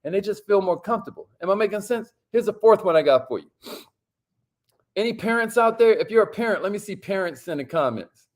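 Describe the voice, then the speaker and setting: A man hosting a casual livestream, lively and slangy, calling out to viewers and sometimes dropping his voice low to make a point. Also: brisk. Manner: lively, hypes up viewers and reads their comments; drops to a near whisper to make a point. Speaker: host.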